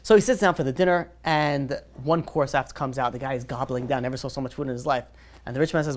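A man who is a rabbi, telling a story in a lively sermon to a group, full of "you know" fillers and restarts. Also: medium pitch, quick pace.

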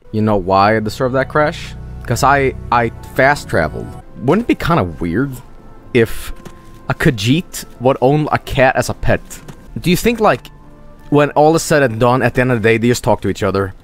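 A man's voice: mid-range voice, animated, normal speed, soft background music. A man streaming a game, joking around casually and slipping into silly voices. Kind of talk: casual gameplay commentary.

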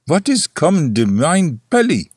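A man's voice: high-pitched, sing-song, measured pace, husky, no echo, clean studio sound, voice pushed up, exaggerated voice. A man voicing a chorus of hungry village boys roaring in a mock German accent. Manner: loud, roaring complaint.

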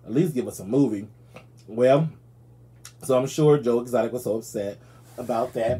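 A man hosting a casual gossip commentary show, chatty and animated, talking straight to his viewers and yawning now and then. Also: medium pitch, normal speed, long pauses. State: yawning, tired. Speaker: show host.

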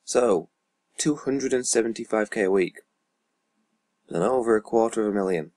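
A man with a fairly low, slightly mellow voice speaks at normal speed, rambling through casual commentary as a YouTuber playing a football management game. Stats get read out amid muttered asides and swearing under his breath, and there's no room sound.

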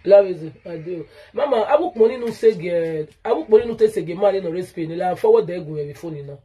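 A woman's voice: fairly low pitch, expressive, a little fast, mellow, breathy edge. A Nigerian woman ranting straight to camera in an aggrieved, repetitive way, calling out a rival directly. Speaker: vlogger. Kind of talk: direct-to-camera rant video.

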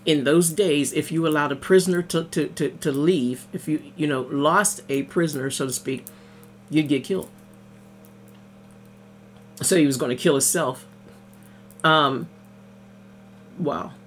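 A woman's voice: low voice, a little slow, pauses often, slight background noise. A woman minister giving a casual devotional sermon over morning coffee. She reads scripture aloud, explains it in plain conversational words, and often says amen and hallelujah.

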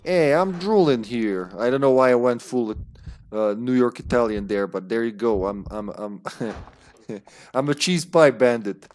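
A man's voice: mid-range voice, measured pace, a little mellow. A man streaming a game live, commenting with jokes, frequent swearing and laughter. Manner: joking, swearing, laughing often.

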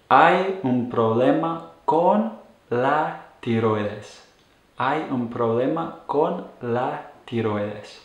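A man teaching a language lesson for medical staff, patiently repeating each phrase slowly for learners. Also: medium pitch, gravelly, reverberant, rough recording. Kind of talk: instructional lesson.

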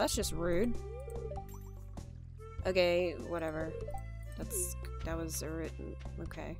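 Woman doing a lets play, unhurried chatty talk, little game music behind. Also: lowish voice, big pitch swings. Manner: chatty, exclaiming and talking to game characters. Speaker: let's play gamer. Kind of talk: casual gameplay commentary.

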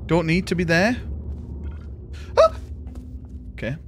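A man's voice: high voice, huge pitch swings, slow, fairly bright tone, a little hiss or hum. A man casually chatting and swearing while streaming a video game, calling his viewers "boys" and thanking them.

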